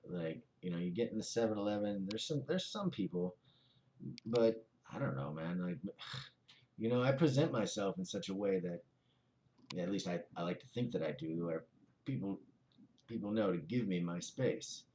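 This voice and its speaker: A man's voice: low voice, expressive, moderate pace, darkish tone, a little hiss or hum. A man in a casual vlog, reading viewer comments aloud and rambling through his replies with many fillers. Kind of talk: casual chat.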